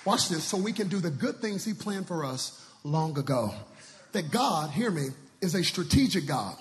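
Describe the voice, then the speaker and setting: A male guest preacher from Dallas, Texas, preaching an energetic sermon with shouted, sing-song lines and call-and-response in a church. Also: a little high, normal speed, big-room sound, a little hiss or hum. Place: large church sanctuary.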